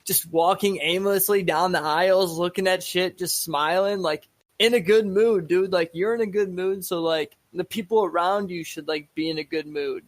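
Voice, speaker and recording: A man's voice: sits high, normal speed, no echo. A young man co-hosting a podcast in casual chat, laid-back and rambling, swearing freely. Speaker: podcast co-host.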